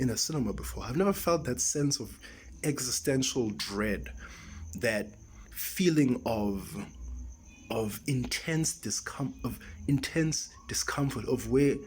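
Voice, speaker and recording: A man rants his way through a casual film review, circling back and restarting his sentences. His voice sits at an ordinary middle pitch, and a faint background hiss runs under the recording. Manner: exasperated, rambling with restarts and rhetorical "right?".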